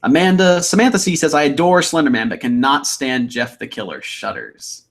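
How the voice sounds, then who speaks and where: A man's voice: a little high, lively intonation, moderate pace, gravelly. A young man, chatting casually on a livestream, reading out viewer comments in an upbeat, rambling way. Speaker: livestream host.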